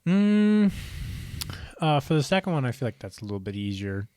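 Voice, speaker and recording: A man's voice: fairly low pitch, very fast, no echo, studio quality. A young man from Ohio with an American accent, co-hosting a podcast and telling a casual story, swearing freely and acting out what people said. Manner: animated, swears freely, acts out quotes. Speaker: podcast co-host.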